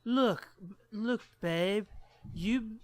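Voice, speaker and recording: A man's voice: high-pitched, extremely slow, no echo. A man doing an exasperated drunk boyfriend. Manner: insistent, exasperated drunk explaining.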